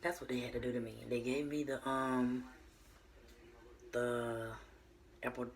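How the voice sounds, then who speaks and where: A woman's voice: rumbling low, steady tone, measured pace, rough recording. A young woman telling her viewers a personal story in a casual, meandering way, full of fillers and restarts. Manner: addresses viewers as y'all.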